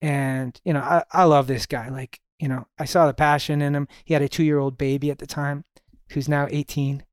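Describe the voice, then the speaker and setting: A middle-aged man, a podcast guest, telling stories in a relaxed way and often saying "you know". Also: on the high side, moderate pace, smooth, dry recording, studio quality. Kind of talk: casual storytelling conversation.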